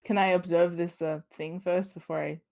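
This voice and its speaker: A woman's voice: lowish voice, steady tone, normal speed, mellow. A woman playing in a tabletop game, chatting casually and laughing easily. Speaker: player.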